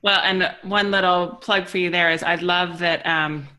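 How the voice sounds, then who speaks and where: A woman's voice: fairly low pitch, steady tone, normal speed, sharp tone. A woman hosting a podcast interview, asking questions in an upbeat, affirming way. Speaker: podcast host.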